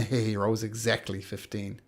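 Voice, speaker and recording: A man's voice: on the low side, flat delivery, a little slow. A man running a tabletop game as game master, narrating with an upbeat, laughing manner.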